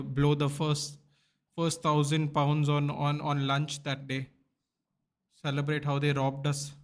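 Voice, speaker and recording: A man hosting a live football watchalong, chatting casually with viewers and reading out their comments. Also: fairly high pitch. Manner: chatty, rambling, reads out viewer comments and answers them; bursts into loud excited shouts at near misses. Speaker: livestream host.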